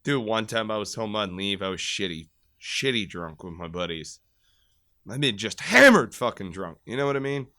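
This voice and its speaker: A man in his thirties from Michigan, a podcast guest telling crude, loud, profane stories in a casual chat and bursting into shouted re-enactments. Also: lowish voice, very animated, normal speed, no echo, clean studio sound. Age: 30s.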